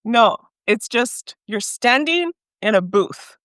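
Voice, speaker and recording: A young adult woman from Mexico, a podcast guest telling her own story in a lively way with frequent laughter, dropping Spanish words into her English. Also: fairly high pitch, takes it slowly, no room sound. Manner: animated, laughs often, mixes in Spanish. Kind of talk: storytelling in an interview.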